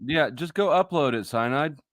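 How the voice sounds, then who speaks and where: Lively, teasing male stream host. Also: fairly high pitch, normal speed, dry recording, studio quality. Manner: teasing, profane, egging others on. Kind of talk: live stream panel chat.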